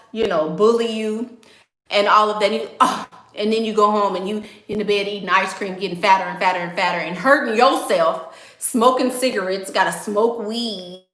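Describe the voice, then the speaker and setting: A woman's voice: medium pitch, fairly bright tone. A woman vlogger giving life advice in an emphatic, outspoken way, often repeating her key lines. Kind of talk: casual advice monologue. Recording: roomy echo.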